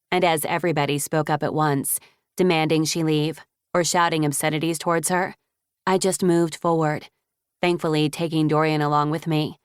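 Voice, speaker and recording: A woman narrating a first-person audiobook in a measured, even manner. Her voice sits low, and the recording is dry and close, with no room sound. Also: clean tone, dry recording.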